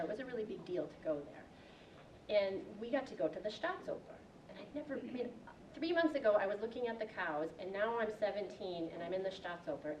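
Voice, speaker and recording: A woman in her forties from Wisconsin, a branding coach giving a personal storytelling talk, lively and acting out the lines she quotes. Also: medium pitch. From Wisconsin, USA. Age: 40s. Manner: animated storyteller who acts out quotes. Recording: roomy echo from far off, faint hiss.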